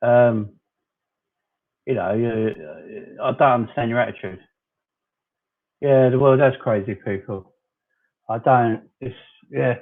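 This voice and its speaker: A man's voice: medium pitch, slow, long pauses. A man in his forties from southern England, hosting a casual fan livestream, chatting loosely and arguing back at commenters he calls "fella". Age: 40s. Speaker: fan channel host. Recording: tinny phone-like sound.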